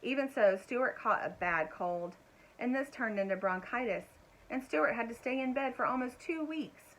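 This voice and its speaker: A woman reading a children's chapter book aloud in a gentle, expressive way, adding little asides for young listeners. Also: fairly high pitch, moderate pace, slight background noise, low-quality recording. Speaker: storyteller.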